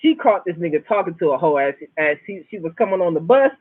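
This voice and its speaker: Husky laid-back man with Florida accent. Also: high voice, very animated, fast, no room sound. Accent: Southern US, Florida. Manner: profane, laid-back slang, storytelling. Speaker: show host. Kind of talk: rambling casual monologue. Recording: dry, tinny phone-like sound.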